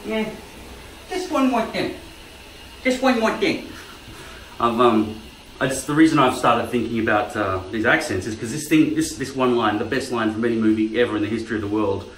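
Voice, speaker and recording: A man's voice: lowish voice, slight background noise. A man vlogging in casual chat, rambling and profane. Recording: echoey room.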